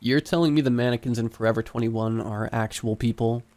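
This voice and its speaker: A man's voice: medium pitch, steady tone, fairly quick, darkish tone, natural voice. Man as a stern, skeptical middle-aged cop, dry and unconvinced. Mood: doubtful. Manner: doubtful, stern. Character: skeptical middle-aged male police officer.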